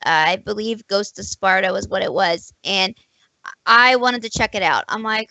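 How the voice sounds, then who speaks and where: A young woman co-hosting a casual show, telling an animated story and acting out both sides of an old conversation. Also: medium pitch, normal speed, dry recording, low-quality recording. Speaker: podcast co-host. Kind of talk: casual chat.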